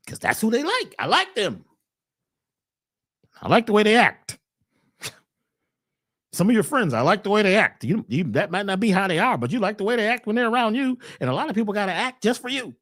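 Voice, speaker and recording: A man giving a webcast talk on health in a preacherly way, swinging between loud lines and hushed ones. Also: high-pitched. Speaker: holistic health speaker.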